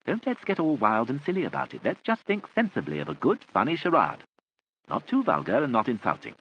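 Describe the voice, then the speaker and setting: A man as a calm, sensible mother. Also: mid-range voice, fairly quick, muffled recording, a little hiss or hum, pitched above the performer's own voice. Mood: gentle. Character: sensible gentle mother of a lively family.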